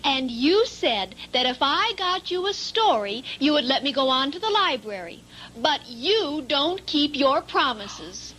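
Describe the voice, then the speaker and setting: A woman reading a rhyming children's story aloud in an expressive, singsong storytelling manner. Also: high-pitched, unhurried, low-quality recording.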